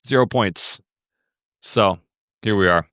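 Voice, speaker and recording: A man's voice: on the low side, takes it slowly, a bit bright, no echo. A man in his thirties from the United States co-hosting a podcast in casual chat, with a dry, teasing wit. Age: 30s. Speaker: podcast co-host.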